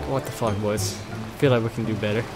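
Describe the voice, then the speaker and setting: A young man casually commentating his gameplay, swearing and getting exasperated with loud outbursts, with game music behind him. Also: fairly low pitch, steady tone, quick pace. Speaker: gameplay streamer.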